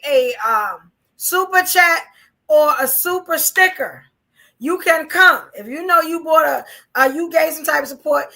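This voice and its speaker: High, gravelly-voiced woman podcast host. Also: pushed and bright. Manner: chatty, repeats "you know what I'm saying". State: losing her voice. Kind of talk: casual live-stream chat.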